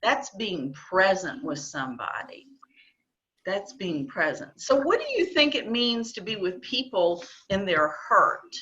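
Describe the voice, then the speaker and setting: A woman teaching a children's Bible lesson on a video call, gently coaxing the kids and repeating her questions. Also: mid-range voice, very animated, unhurried. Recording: dull lo-fi video call audio.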